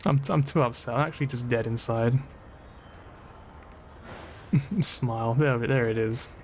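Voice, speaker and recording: A man's voice: mid-range voice, measured pace, a little hiss or hum. A man streaming a game, giving casual commentary while getting frustrated and swearing a lot. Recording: game music playing behind. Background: game music.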